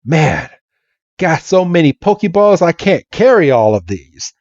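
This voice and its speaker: A man's voice: a little high, sing-song, measured pace, darkish tone, dry recording, pitched above the performer's own voice. A jittery young trainer, voiced by a man, stammers in a raised, boyish tone, over dull, dry audio. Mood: jumpy, unsure. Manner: stammering, hesitant. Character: nervous young male Pokémon trainer.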